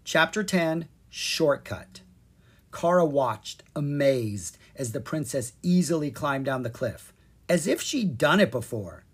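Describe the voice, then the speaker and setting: A narrator reading a children's fairy-tale chapter book with expressive, animated storytelling. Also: mid-range voice, takes it slowly, husky. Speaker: audiobook narrator.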